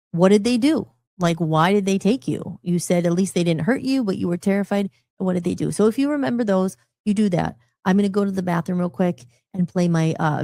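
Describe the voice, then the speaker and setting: A woman's voice: fairly low pitch, warm tone, no echo, clean studio sound. Chatty woman hosting a live talk show. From United States. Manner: chatty, jokey, jumps between topics. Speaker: host. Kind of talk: casual live show chat.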